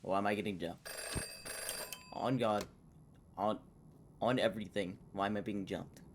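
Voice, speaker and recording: A young man doing casual gameplay commentary on a horror game, excitable and swearing a lot as he talks to himself. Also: lowish voice, moderate pace. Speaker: gaming YouTuber. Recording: noisy game audio.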